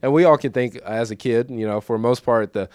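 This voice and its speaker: A man in his thirties gives a testimony sermon in a church, speaking at an ordinary mid pitch. He talks casually and repeats himself, then swells into emphatic, preacherly lines. The close recording is dry, with little room sound. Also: fairly quick, clean tone, no room sound. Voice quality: conversational, emotional, repeats himself. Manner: swings from quiet recollection to raised emphatic preaching.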